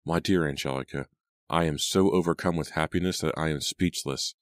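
A man reading the part of a lovestruck young gentleman who kills for love, in an earnest, pleading way. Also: a bass voice, brisk, dry recording. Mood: elated. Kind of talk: audiobook character reading. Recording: dry close studio sound.

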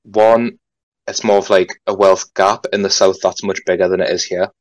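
Young Geordie man, podcast guest, very low voice, dry close mic, relaxed rambling chat. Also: moderate pace, no room sound, dull audio. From North East England. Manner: laid-back, rambling with many fillers and some swearing. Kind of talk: casual chat.

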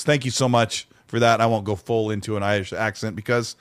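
A man co-hosting a casual gaming podcast, reading out chat messages in an animated, easygoing way. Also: on the low side, brisk, few pauses, clear, resonant tone, dry recording. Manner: animated, reads out chat messages, laughs easily. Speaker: podcast co-host.

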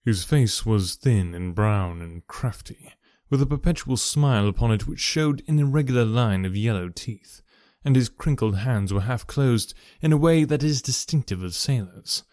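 A man reading a story aloud in a measured, even narration. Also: mid-range voice, dry recording, clean studio sound. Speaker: audiobook narrator.

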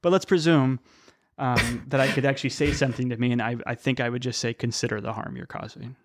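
A man's voice: medium pitch, quick pace. A man appearing as a podcast guest, chatting casually and musing at length while he explains ideas. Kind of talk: casual interview chat.

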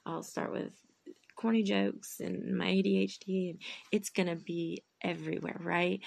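A woman's voice: lowish voice, steady tone, moderate pace, creaky, slight background noise. A woman in her late thirties talking emotionally and at length, drained and tired, rambling and restarting her thoughts, near tears at times. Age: 30s. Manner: rambling, heartfelt, trails off and restarts. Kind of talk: emotional personal monologue.

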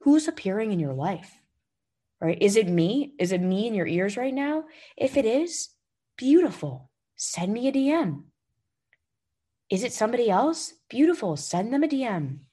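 A woman's voice: fairly high pitch, very animated, moderate pace, warm tone, breathy edge. A woman hosting a podcast, giving an emphatic motivational talk and coaching listeners directly into her mic, swearing freely. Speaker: podcast host. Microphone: podcast microphone.

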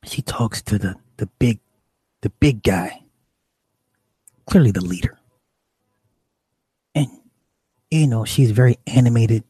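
Male storyteller, animated and profane, dark husky timbre, dry recording. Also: lowish voice, takes it slowly, pauses often, no room sound. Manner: animated, profane, acts out the people he describes. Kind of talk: casual comic storytelling.

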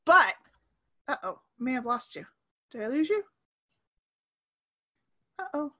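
Woman host, 30s, high bright voice, lively chat on a call. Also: takes it slowly. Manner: animated, acts out quoted voices. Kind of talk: casual conversation. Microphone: remote call.

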